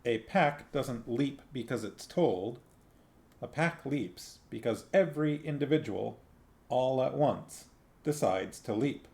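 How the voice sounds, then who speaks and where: A man's voice: mid-range voice, animated, takes it slowly, gravelly, a little mellow. A man voicing a fierce female werewolf in wolf form, speaking in a raised, lecturing way.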